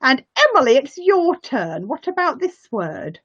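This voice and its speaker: A woman's voice: sits high, sing-song, fairly bright tone. A woman teaching a phonics lesson to young learners, encouraging and praising them often. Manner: encouraging, slow and sing-song, praising often. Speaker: English teacher. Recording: muffled lo-fi audio.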